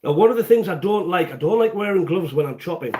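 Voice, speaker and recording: A man's voice: high voice, expressive, quick pace, background noise. A man from the UK hosting a casual live cooking stream from his home kitchen, chatty and jokey, rambling as he greets viewers by name. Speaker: cooking show host.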